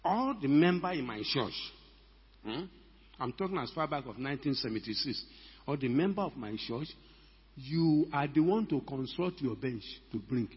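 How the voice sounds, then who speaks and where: Older husky-voiced pastor preaching in a hall. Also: male voice, mid-range voice, expressive, moderate pace. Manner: emphatic, rhetorical questions to the congregation. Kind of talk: sermon. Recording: echoey hall, dull lo-fi sound.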